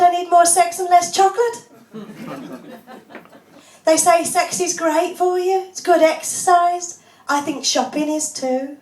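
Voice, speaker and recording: Woman comic doing deadpan one-liners. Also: very high voice. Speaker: stand-up comedian. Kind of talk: stand-up comedy set. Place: small pub comedy club, audience laughing. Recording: echoey room, voice from far off.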